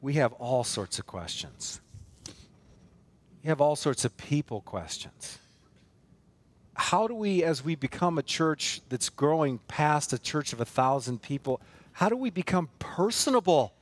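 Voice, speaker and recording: Earnest high-voiced male pastor preaching. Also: sing-song, unhurried. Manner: emphatic, builds with repeated phrases; earnest, asks many rhetorical questions. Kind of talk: sermon. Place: church sanctuary.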